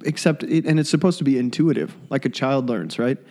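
A man of middle pitch trades jokes in a relaxed co-host chat. His remarks come out wry and teasing. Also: fairly quick. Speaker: podcast co-host. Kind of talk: casual chat.

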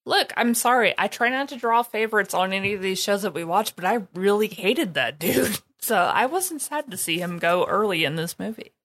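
A woman's voice: medium pitch, lively intonation, moderate pace, hardly any pauses, a bit bright. A woman co-hosting a podcast, chatting casually in a blunt, opinionated way with frequent laughs. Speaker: podcast co-host.

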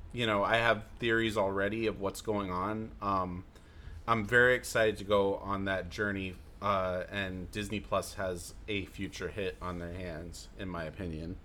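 A man's voice: lowish voice, steady tone, measured pace, pushed and bright. A man co-hosting a podcast in casual chat, thoughtful and hesitant, with many ums. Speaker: podcast co-host.

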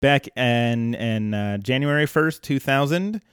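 A man hosts a podcast and walks through a cartoon episode scene by scene. His voice is smooth and resonant, recorded close and dry, with a relaxed storytelling flow. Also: mid-range voice, measured pace, no echo. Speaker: podcast host. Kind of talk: casual podcast chat.

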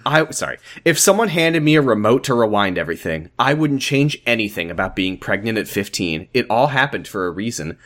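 A man's voice: medium pitch, expressive, brisk, hardly any pauses, a bit bright. A man co-hosting a podcast, reading fan fiction aloud in a dry, mock-dramatic way and chatting casually between lines. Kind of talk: casual comedic reading and chat.

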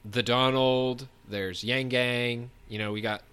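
A man's voice: medium pitch, steady tone, takes it slowly, fairly bright tone, clean tone. A man in casual comedic chat, laid-back and rambling, often trailing off.

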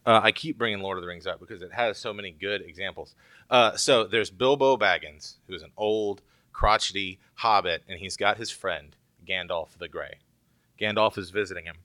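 A man's voice: low-pitched, normal speed, sharp tone, dry recording. A man preaching a sermon in a conversational way, with joking asides to the congregation. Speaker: pastor.

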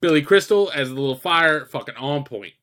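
A man's voice: on the high side, expressive, fairly quick, fairly bright tone. A man co-hosting a podcast, chatting casually about films in a rambling, profane way, full of fillers and quoted asides. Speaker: podcast co-host. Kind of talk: casual chat reviewing films.

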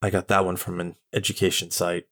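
A man's voice: low-pitched, flat delivery, fairly bright tone. A man co-hosting a podcast, speaking hesitantly and reading out definitions in casual chat. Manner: halting, hesitant with restarts. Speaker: podcast co-host.

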